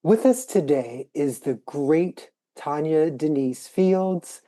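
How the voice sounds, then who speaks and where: A woman co-hosting a podcast with an enthusiastic manner as she introduces a guest. Her voice is very low, mellow and unhurried. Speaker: podcast co-host. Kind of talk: casual chat, reading a guest bio.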